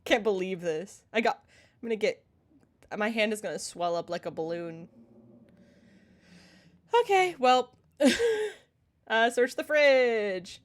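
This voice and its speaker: A woman with a medium-pitched, animated voice speaks slowly with long pauses as a let's-play streamer. In a casual playthrough of a story game, she reads the narration aloud, then comments between lines in a giggly, chatty way.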